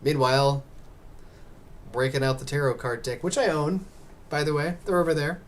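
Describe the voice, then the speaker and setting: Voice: mid-range voice, steady tone, normal speed, a little hiss or hum. A gamer giving casual commentary while playing, muttering encouragement to themselves and joking with chat. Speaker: let's play gamer.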